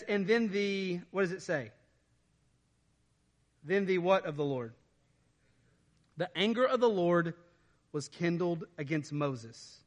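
A pastor preaches in a church, his voice pitched high and ringing bright and forceful. He reads the verses aloud, then breaks them down in plain, everyday talk. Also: unhurried. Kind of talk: sermon with scripture reading.

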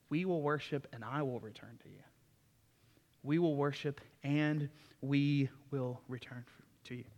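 A man's voice: mid-range voice, long reverb tail. A man preaching a sermon in a folksy, enthusiastic way, with asides to the congregation. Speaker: pastor.

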